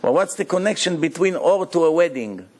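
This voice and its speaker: Animated rabbi giving a Torah lecture. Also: male voice, on the high side, a little fast. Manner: animated storytelling with rhetorical questions; non-native English grammar.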